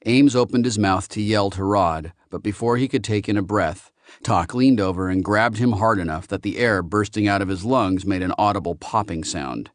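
Low, dry-voiced male audiobook narrator. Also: moderate pace, dry recording. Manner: steady, even storytelling. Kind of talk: scripted narration.

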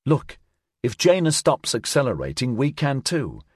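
A man voicing a calm, earnest male crewman in an audiobook, persuading gently. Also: medium pitch, a little slow, slightly rough, no room sound, clean studio sound, pitched above the performer's own voice, exaggerated voice.

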